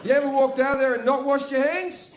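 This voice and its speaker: A man's voice: extremely high pitch, steady tone, brisk. A middle-aged man with an Australian accent doing a crude, swearing stand-up set. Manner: crude, swearing storyteller with a brash delivery. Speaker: stand-up comedian. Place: comedy stage before a live audience. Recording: echoey live venue with audience noise.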